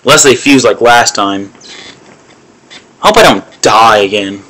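A man's voice: on the low side, measured pace, sharp tone. A man crudely commenting to himself, with plenty of swearing, while playing a mobile game. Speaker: gamer.

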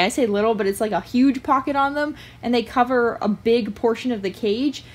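Breathy-voiced woman reviewing pet products. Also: fairly high pitch. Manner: chatty, with frequent "uh" fillers. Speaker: pet channel host. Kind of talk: casual product review vlog.

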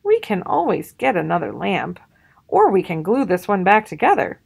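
A woman reading as a gentle mother bear. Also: mid-range voice, huge pitch swings, normal speed, creaky, breathy edge, full character voice.

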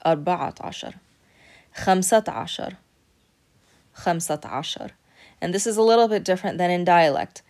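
A woman's voice: on the low side, fast talker, long pauses, a little mellow. A woman teaching a recorded Arabic lesson, patiently explaining step by step and checking in with frequent "okay".

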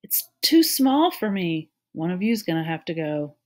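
A woman's voice: on the low side, sing-song, a little slow, a little mellow. A woman voicing Mallory, a bossy, take-charge older girl, in a read-aloud story. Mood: annoyed.

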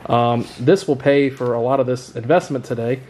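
A man hosting a casual vlog at home, relaxed and chatty, laughing often and calling people "man". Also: mid-range voice, moderate pace. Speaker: record store owner and vlog host. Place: home kitchen, indoors.

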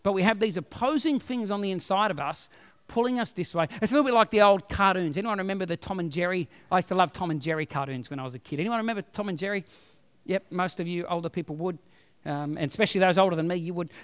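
High-voiced, bright storytelling pastor. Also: male voice, clear, resonant tone, big-room sound. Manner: storytelling, chatty, animated. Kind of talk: sermon.

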